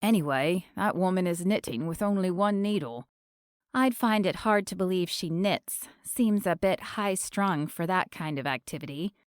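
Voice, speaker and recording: A woman's voice: on the low side, normal speed, clean tone, dry recording, studio quality, lightly acted. A woman doing a gossipy male friend. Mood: confiding.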